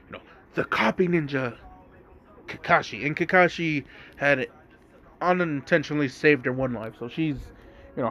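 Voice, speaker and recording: A man's voice: mid-range voice, a bit bright. A man casually telling a fan-made story, rambling with lots of fillers and asides. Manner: rambling, filler-heavy, amused.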